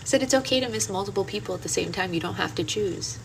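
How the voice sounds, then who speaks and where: A woman's voice: medium pitch, fast, gravelly. A woman hosting a book club livestream at home, chatting casually with viewers and telling stories with lots of "um" and "like". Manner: chatty, animated storytelling with frequent "um" and "like". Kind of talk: casual chat with live viewers. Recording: distant mic with loud air-conditioning hum.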